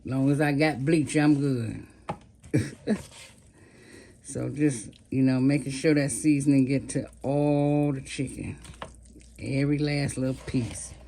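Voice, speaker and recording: A woman's voice: very deep voice, fairly even intonation, measured pace, warm tone. Woman over 50, chatty cooking vlog, faint kitchen noise behind. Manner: chatty, talks to viewers while cooking. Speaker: cooking vlogger.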